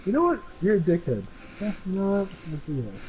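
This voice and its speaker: A man's voice: sits high, huge pitch swings, fast talker, highs cut off, over a noisy crowd. A man streaming a game with friends, talking in a profane, mock-angry rant broken up by laughter and put-on voices of others. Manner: puts on quoted voices of others. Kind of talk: casual gaming chat.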